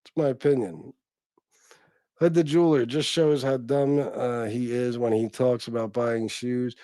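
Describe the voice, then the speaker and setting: Blunt, profane livestream host, dry close sound. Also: male voice, mid-range voice, steady tone, measured pace, mellow, no room sound. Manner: blunt, profane, rambling with fillers. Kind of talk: casual livestream chat.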